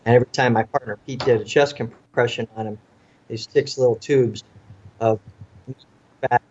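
A man's voice: medium pitch, fairly even intonation, normal speed, darkish tone, lo-fi sound, slight background noise. A man who is a former police officer, telling a personal story in an interview with earnest, vivid delivery. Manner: earnest, vivid storytelling that acts out what people said.

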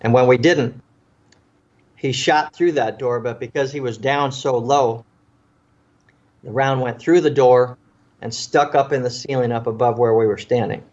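A man's voice: mid-range voice, steady tone, measured pace, pauses often, darkish tone, lo-fi sound. A man who is a former police officer, telling a personal story in an interview with earnest, vivid delivery. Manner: earnest, vivid storytelling that acts out what people said.

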